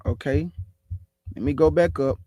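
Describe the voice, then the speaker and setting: A man with a Houston, Texas accent hosts a religious talk show with forceful, aggressive passion. His voice sits high for a man. It sounds close and dry. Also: normal speed, no echo. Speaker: show host.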